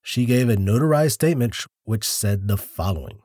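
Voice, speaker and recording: A man's voice: lowish voice, animated, brisk, dark tone, no echo, clean studio sound. A man co-hosting a casual true-crime podcast, telling the case steadily with wry remarks. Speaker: podcast co-host.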